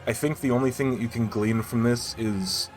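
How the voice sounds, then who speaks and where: A man running a tabletop game as game master, narrating scenes in an unhurried, descriptive way. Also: mid-range voice, darkish tone. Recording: faint background music.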